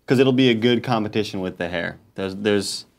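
A man's voice: fairly low pitch, a little fast, vocal fry. A man co-hosting a casual studio chat show, joking along with the others. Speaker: co-host.

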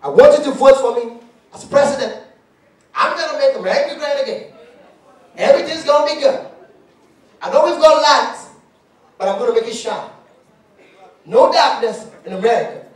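A male comedian putting on a loud, pompous politician giving a rally speech, pitched up and forceful. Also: expressive, moderate pace, long pauses. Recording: echoey hall from far off.

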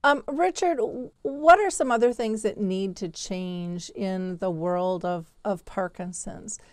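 A woman's voice: mid-range voice, slow, a little mellow, no echo. A woman hosting an interview, asking questions in a conversational way with blunt asides. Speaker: host.

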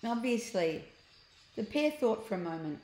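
A woman reading a children's book aloud, pausing to explain words and pictures to young listeners. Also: a little high, sing-song, darkish tone. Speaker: storyteller. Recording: echoey room.

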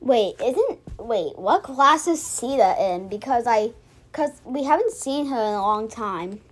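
A woman's voice: on the high side, lively intonation, a little slow, faint music behind. A young woman giving casual, mocking commentary on a cartoon episode, often stopping and restarting. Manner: chatty, restarts a lot, mocking. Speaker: reaction video host.

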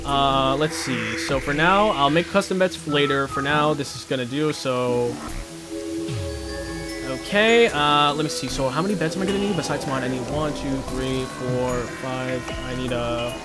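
A man hosting a gaming channel, giving casual gameplay commentary in an excitable, flustered, self-mocking way as he talks to his viewers. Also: medium pitch, normal speed, music in the background.

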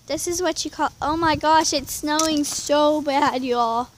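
A young woman, chatting excitedly to her phone camera outdoors in falling snow, full of "y'all" and "like". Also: high-pitched, a little slow. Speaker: vlogger. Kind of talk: casual outdoor vlog. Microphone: handheld phone camera. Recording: noisy outdoor phone recording.

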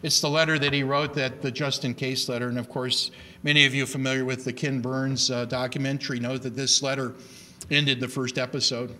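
At a slightly fast pace and medium pitch, a middle-aged man delivers an emphatic lecture to a live crowd on teaching reading. He's animated, and his words often restart.

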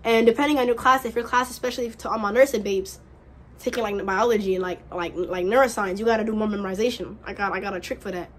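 A woman's voice: medium pitch, steady tone, fast talker. A woman in her early twenties chatting casually to camera as a vlogger, slangy and earnest, repeating her points as she encourages her viewers. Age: early 20s. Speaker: vlogger giving college advice. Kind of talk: casual direct-to-camera chat.

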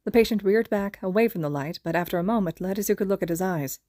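Podfic reader: woman, mid pitch, steady storytelling, dry recording. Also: fast talker, dry recording. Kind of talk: scripted narration of fan fiction.

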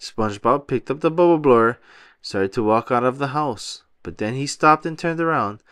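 A man narrating a children's picture book aloud in an expressive storytelling manner. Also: mid-range voice, normal speed, smooth, no echo, studio quality. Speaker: storybook reader.

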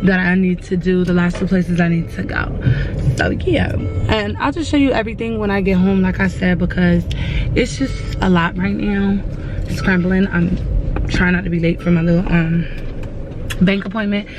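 A woman's voice: fairly low pitch, moderate pace, over music. A young woman vlogger talking casually while driving, chatty and rambling, speaking straight to her viewers. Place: inside a car. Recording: muffled car recording with road noise. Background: car and traffic noise.

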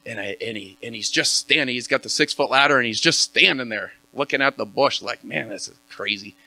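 Man, bright dry voice, chatty church intro speaker with jokes and fillers. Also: medium pitch, a little fast, no echo. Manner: chatty, joking, many fillers like "like". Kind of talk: casual sermon with storytelling.

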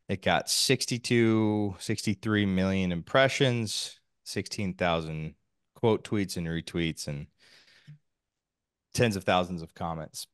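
Slow, deep-voiced male podcast host. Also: smooth, dry recording, clean studio sound. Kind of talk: casual podcast chat.

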